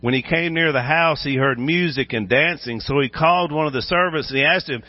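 Male pastor preaching with lively acted-out voices; lo-fi recording with a hum behind. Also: fairly high pitch, brisk, hardly any pauses. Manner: animated, acts out voices while preaching. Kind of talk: sermon.

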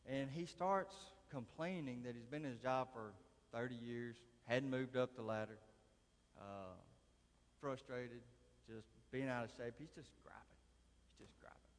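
A man's voice: medium pitch, unhurried. A man, preaching a folksy sermon with a conversational, drawling manner and dry humor. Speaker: lay preacher. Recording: long reverb of a large hall.

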